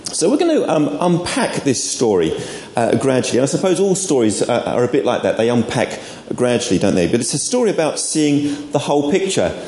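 A man's voice: mid-range voice, big pitch swings, fairly quick, few pauses, a little mellow. A man giving an informal sermon at an all-age church service, with friendly asides to the congregation. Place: church hall. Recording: echoey church room, faint background noise.

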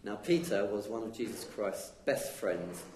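A man's voice: on the low side, darkish tone. A man giving an informal, conversational sermon at a church, chatting with the congregation. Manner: conversational, chatty, acts out quick dialogue. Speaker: lay preacher. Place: church hall. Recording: echoey church room with faint noise.

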